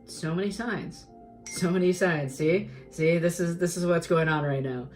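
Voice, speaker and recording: A woman's voice: on the low side, moderate pace, a little mellow, faint music behind, low-quality recording. Emphatic woman giving a tarot reading. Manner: earnest, emphatic, repeats herself, swears for emphasis. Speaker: tarot reader. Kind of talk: spoken tarot reading, motivational.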